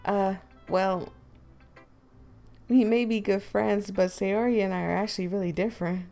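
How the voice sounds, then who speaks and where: A woman voicing a dry, awkward teen boy protagonist, dropping her voice low and keeping it flat. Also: measured pace, creaky, faint music behind. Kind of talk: voice acting a visual novel.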